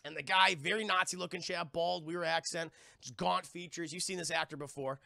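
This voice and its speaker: A man's voice: fairly high pitch, fairly even intonation, fairly quick, vocal fry, sharp tone, dry recording, studio quality. A young man reviewing a TV episode on a live stream, rambling and swearing a lot and constantly talking to his chat. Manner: profane, rambling, keeps addressing chat.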